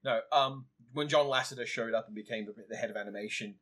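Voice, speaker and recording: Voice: mid-range voice, fast. A podcast co-host with a wry manner, walking through facts in a casual chat. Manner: wry, animated storyteller.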